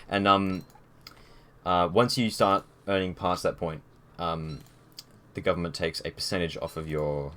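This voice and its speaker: Deep-voiced young streamer. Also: male voice, fairly bright tone, a little hiss or hum. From Australia. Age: young adult. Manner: rambling and easygoing, with many fillers and restarts. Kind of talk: casual live-stream chat. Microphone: headset.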